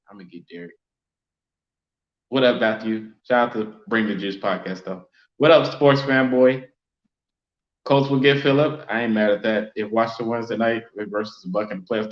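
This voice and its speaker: A man hosting a casual sports fan live stream, chatting loosely and giving viewers shout-outs. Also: mid-range voice. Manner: casual, reads and answers chat shout-outs. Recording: roomy, dull lo-fi sound.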